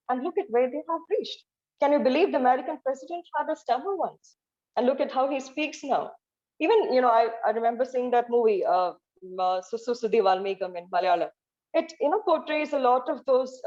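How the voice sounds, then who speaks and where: A woman's voice: on the high side, a little mellow, highs cut off. Earnest woman giving a motivational talk. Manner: earnest, rhetorical questions, frequent "you know" fillers. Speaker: guest speaker. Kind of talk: motivational speech.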